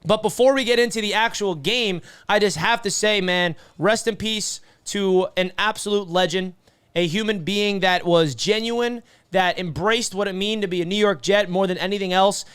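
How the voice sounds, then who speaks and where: A man hosting a sports fan channel, giving an emotional recap vlog in an earnest, passionate way, speaking in rushes and repeating himself. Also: high-pitched, fairly bright tone, clean tone. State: emotional, grieving.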